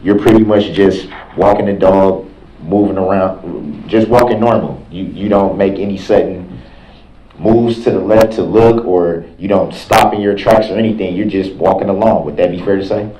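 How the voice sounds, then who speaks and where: A man questioning a witness in a courtroom, with halting, repetitive phrasing and frequent restarts. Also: low-pitched, warm tone. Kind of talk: courtroom cross-examination. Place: large courtroom. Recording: echoey courtroom, dull lo-fi sound.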